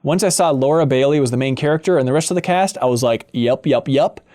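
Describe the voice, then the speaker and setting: A man hosting a casual podcast chat, playful and animated, with jokey asides. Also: medium pitch, quick pace. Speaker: podcast host.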